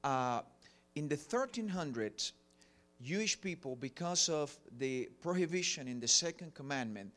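A man's voice: fairly high pitch, lively intonation, a little slow, a bit bright. A middle-aged man from Cuba with a Cuban Spanish accent, preaching a sermon earnestly with many fillers. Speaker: pastor.

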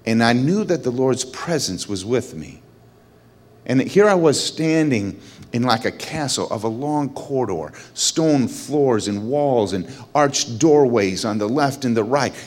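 A middle-aged man shares a personal testimony at normal speed, full of energy. His voice leaps high when he gets excited and drops low and quiet during the solemn moments.

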